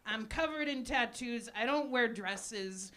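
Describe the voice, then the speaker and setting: A woman in her forties doing a live stand-up set with crowd work, deadpan and self-deprecating, with lots of ums and little laughs. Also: a little high, unhurried. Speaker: stand-up comedian. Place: small cafe stage with live audience. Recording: noisy live cafe recording.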